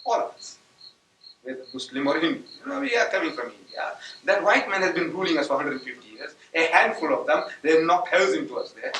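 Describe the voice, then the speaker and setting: A man whose first language is Gujarati delivers a religious lecture full of rhetorical questions and sudden emphatic outbursts. His voice is fairly high, a bit bright and a little fast with lively intonation, recorded from a distance in an echoey hall with a little hiss or hum.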